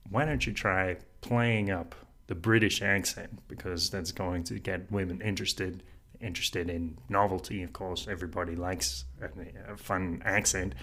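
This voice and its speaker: A man hosting a podcast, talking through an idea in a reflective solo monologue, earnest and unhurried, with frequent soft laughs. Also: deep voice, fairly even intonation. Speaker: podcast host.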